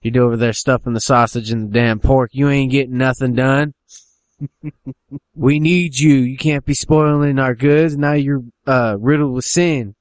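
A man voicing a brutal, zealous backwoods father who threatens his son in a gruff, menacing way. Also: medium pitch, completely flat delivery, normal speed, few pauses, no echo, studio quality, close to an everyday voice.

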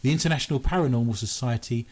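A British man with a medium-pitched voice talks at a racing pace as he hosts a paranormal news radio show. He's playful and jokey, often poking fun at himself.

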